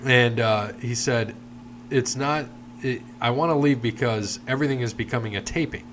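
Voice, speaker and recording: A man's voice: mid-range voice, moderate pace, a little hiss or hum. A man co-hosting a casual podcast, telling long rambling stories and acting out the people in them. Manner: rambling storyteller, retells anecdotes with quoted voices. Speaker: podcast co-host. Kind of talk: casual chat.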